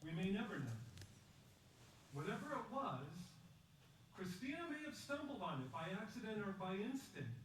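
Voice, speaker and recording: A man giving a prepared public talk, measured and emphatic, telling a story and asking rhetorical questions. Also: sits high, big pitch swings, a bit bright. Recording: echoey distant recording with faint background noise.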